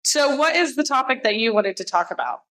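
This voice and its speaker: A woman's voice: high-pitched, lively intonation, brisk, sharp tone. A woman co-hosting a casual podcast, speaking in a blunt, opinionated way. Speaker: podcast co-host. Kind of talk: casual chat.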